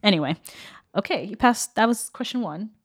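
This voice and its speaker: A woman's voice: medium pitch, lively intonation, moderate pace, slightly rough. A young woman co-hosting a podcast, chatting casually and quizzing her friend, laughing often and telling stories with animation. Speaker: podcast co-host.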